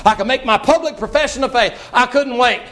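High-voiced preacher, folksy and animated. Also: male voice, brisk. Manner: folksy, animated, shouting at peaks. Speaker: pastor. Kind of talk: sermon.

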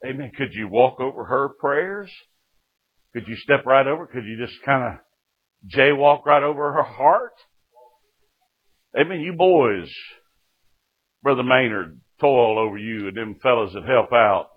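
Folksy preacher on a tinny line. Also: male voice, mid-range voice, expressive, measured pace, long pauses. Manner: folksy, rising to shouts and dropping to hushed storytelling. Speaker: preacher giving testimony. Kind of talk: sermon testimony. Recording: tinny phone-like recording.

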